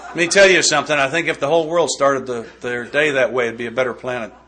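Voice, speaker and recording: Casting note: a folksy, joking man leading a step study, bright and forceful voice, mid pitch. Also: fairly even intonation, fast, some chatter behind, a little hiss or hum. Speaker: workshop speaker. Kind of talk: recovery step study talk.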